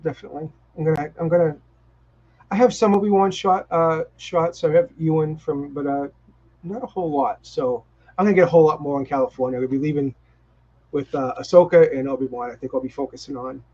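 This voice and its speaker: A man with a Boston accent talks in an eager, rambling way and keeps restarting his sentences. His voice sits a bit high for a man. The sound is dull and lo-fi, like a video call on a live stream. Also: fairly quick, dark tone. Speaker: co-host. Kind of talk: casual chat.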